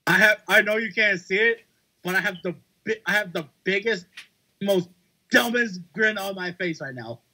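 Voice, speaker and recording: A man on a casual podcast, talking with enthusiasm and dropping into a low voice for quotes. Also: moderate pace, sharp tone. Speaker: podcast panelist.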